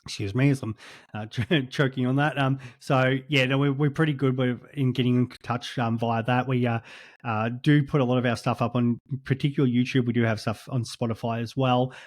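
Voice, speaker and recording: An Australian man speaks as a podcast guest in a relaxed, hesitant way, full of ums and little restarts. His voice stays flat and even in pitch. The sound is dry and close. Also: brisk, no echo. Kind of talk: casual podcast chat.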